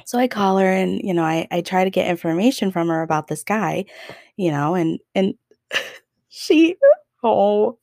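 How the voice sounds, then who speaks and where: A woman's voice: medium pitch, expressive, unhurried, gravelly, darkish tone, dry recording, studio quality. A young woman hosting a podcast, telling a story in a casual, chatty way with lots of fillers and laughs. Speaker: podcast host.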